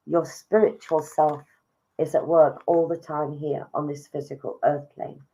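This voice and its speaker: A woman giving live psychic readings, soft and emotive, calling listeners darling. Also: sits low, dull audio. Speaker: psychic medium.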